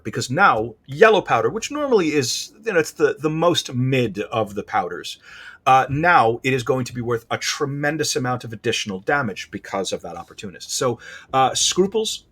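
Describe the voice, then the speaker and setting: Husky animated gameplay commentator man. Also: mid-range voice. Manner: animated, thinking aloud, self-correcting. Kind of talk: casual game commentary.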